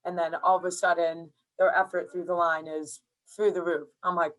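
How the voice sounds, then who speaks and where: A woman with a slightly low voice talks casually as a podcast guest. She is laid-back and laughs easily. She leans on plenty of filler words as she talks about coaching. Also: level tone, fast, a bit bright, poor audio.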